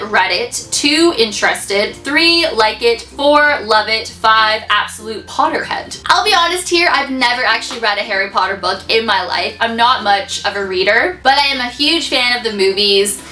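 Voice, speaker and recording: A woman's voice: a little high, expressive, moderate pace, few pauses, sharp tone. A young woman answering fan questions in a casual vlog, bubbly and gushing, laughing often. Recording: echoey room.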